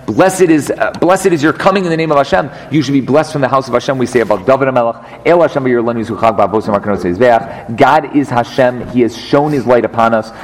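A man's voice: mid-range voice, quick pace, hardly any pauses. A man teaching a text study, explaining and translating verse by verse. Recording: long hall reverb, faint noise.

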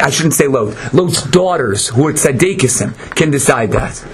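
A man giving an animated Torah lecture, dramatic and acting out the voices of the people in his story. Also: moderate pace, hardly any pauses, a little hiss or hum. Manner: dramatic, acts out voices, swings between high and low. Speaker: Torah teacher.

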